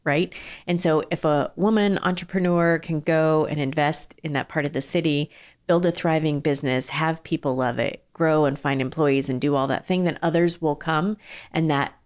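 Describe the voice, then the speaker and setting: A woman's voice: sits low, fairly even intonation, normal speed. A middle-aged woman, a company founder, talking earnestly in a casual interview with many fillers and restarts. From southern California. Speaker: ice cream company founder and CEO, guest.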